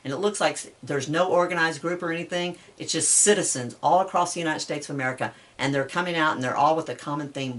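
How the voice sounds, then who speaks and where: A woman's voice: deep voice, fast, few pauses, a bit bright. A woman talking to her supporters in an advocacy vlog, earnest and urging, with a heartfelt way of speaking. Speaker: animal welfare advocate. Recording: voice a bit distant from mic.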